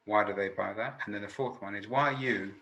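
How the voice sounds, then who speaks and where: A man's voice: fairly low pitch, fairly quick, fairly bright tone, reverberant, dull audio. A man who works as a sales trainer, hosting a webinar in a chatty, jokey, self-deprecating way. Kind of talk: casual webinar talk.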